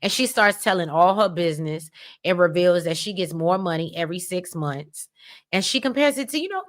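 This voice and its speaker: A woman casually recapping a show in a sassy, animated way. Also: medium pitch, normal speed. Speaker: recap vlogger.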